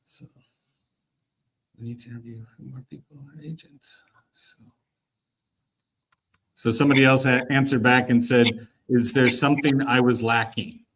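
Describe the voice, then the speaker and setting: Mid-pitched man hosting casually. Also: level tone, a little slow, long pauses, fairly bright tone, slight background noise. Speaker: show host. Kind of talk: casual chat.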